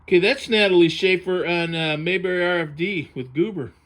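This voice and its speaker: A man's voice: sits high, fairly quick, a bit bright. Chatty man musing over a book. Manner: chatty, musing aloud, drifting between thoughts. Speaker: vintage TV book reviewer. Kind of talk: casual commentary while paging through a book.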